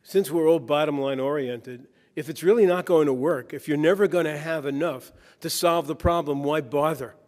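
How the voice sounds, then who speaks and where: A man stands before a conference audience, telling stories and jokes with a preacher's rhythm. His voice sits a little high for a man. The long reverb of the hall trails each phrase. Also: moderate pace, hardly any pauses, a little mellow. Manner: anecdotal, tells jokes with a preacher's cadence. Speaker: keynote speaker. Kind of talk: conference keynote speech.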